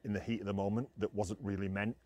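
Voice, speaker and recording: A man's voice: fairly low pitch, little pitch movement, quick pace, a little mellow. A middle-aged man, chatting casually and laughing often as he tells old team stories. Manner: storytelling, laughs often, many fillers. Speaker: former footballer guest. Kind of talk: casual chat.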